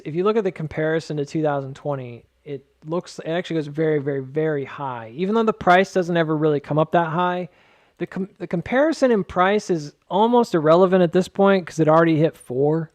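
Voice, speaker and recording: A man's voice: fairly high pitch, brisk, a little mellow, no room sound. A man casually walking through stock charts, rambling with joking asides and lots of filler words. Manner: filler-heavy, many "like"s. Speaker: market charting host.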